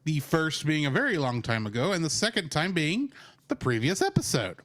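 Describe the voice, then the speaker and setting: A man co-hosting a casual film review podcast, teasing his co-host in a wry, deadpan way. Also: on the high side, moderate pace.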